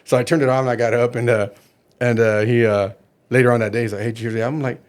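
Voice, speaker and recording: A middle-aged man, bass player and band manager, telling stories in a casual interview and acting out the people he quotes. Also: very fast. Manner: animated storyteller, acts out quoted voices.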